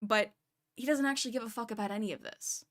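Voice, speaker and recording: A woman's voice: fairly high pitch, fast, fairly bright tone. A woman streamer giving casual, analytical commentary on a voice chat clip and speaking straight to her chat. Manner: analytical, talks to chat directly.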